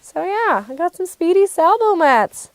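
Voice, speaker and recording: A woman hosting a craft podcast in casual chat, bubbly and excitable. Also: very high-pitched, a little slow, no echo. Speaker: podcast host.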